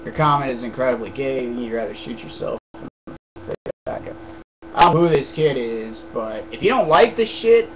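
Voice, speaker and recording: A young man talks straight to his webcam in a casual rant, blunt and full of swearing as he rambles through viewer questions. His voice sits at an ordinary pitch for a man. The audio is muffled and lo-fi, with a steady noise under it. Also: normal speed. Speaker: vlogger answering viewer questions.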